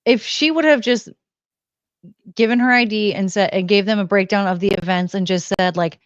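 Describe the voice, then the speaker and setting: A woman chatting on a podcast, telling a story with animated quoted lines. Her voice sits in a middle range and sounds dry and close. The sound is a bit dull and lo-fi. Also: medium pitch, moderate pace, clear, resonant tone, no room sound. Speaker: podcast co-host. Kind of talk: casual chat.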